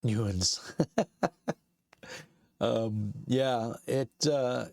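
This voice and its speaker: A man's voice: medium pitch, steady tone, drawn-out words, gravelly, a little mellow, no room sound, clean studio sound. A middle-aged man with a Brooklyn accent, chatting casually and rambling on a live stream from his basement. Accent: Brooklyn New York. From Brooklyn, New York. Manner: rambling and chatty, lots of uh fillers and laughs. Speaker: streamer and channel host.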